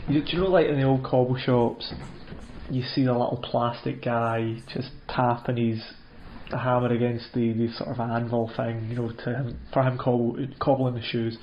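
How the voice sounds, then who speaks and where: Man, comedic storyteller: deadpan, rambling, stop-start delivery; middling pitch; muffled, roomy recording. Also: slight background noise. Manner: rambling, hesitant, full of restarts and fillers.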